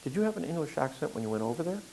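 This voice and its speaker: An older man talks through a story in a loose, rambling way, stopping often for fillers and starting over mid-sentence. His voice has a gravelly rasp to it. A faint hiss sits under the recording. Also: on the high side, very animated, rapid-fire, warm tone, poor audio. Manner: rambling, frequent fillers and restarts. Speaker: filmmaker guest. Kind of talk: conversational interview.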